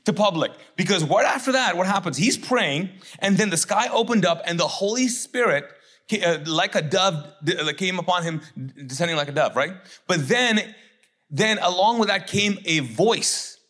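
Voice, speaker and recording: A middle-aged man preaching a sermon as pastor, conversational and joking, acting out quick voices of others. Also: sits high, lively intonation, fairly bright tone.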